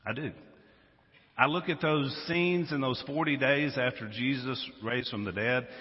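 A pastor from Louisiana preaches in a relaxed, conversational way, his coloring his stories as his energy rises and falls. His voice carries a long reverb from a large sanctuary. The sound is a bit muffled, like a live-stream feed. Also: mid-range voice, unhurried. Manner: conversational, animated storytelling. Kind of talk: sermon.

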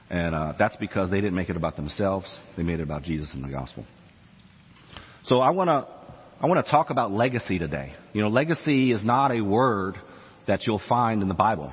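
A man's voice: sits low, breathy edge, big-room sound, highs cut off. A man in his forties preaching a sermon, chatty and self-deprecating, reading scripture aloud. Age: 40s. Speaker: pastor. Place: church sanctuary.

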